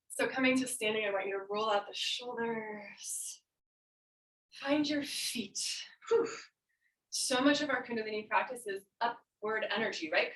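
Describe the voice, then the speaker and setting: Woman yoga instructor, calm cueing, a bit winded, echoey distant room sound. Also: a little high. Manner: calm, cueing breaths and poses while demonstrating. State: out of breath. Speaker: yoga teacher. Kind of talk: guided yoga class instruction. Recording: roomy, mic at a distance.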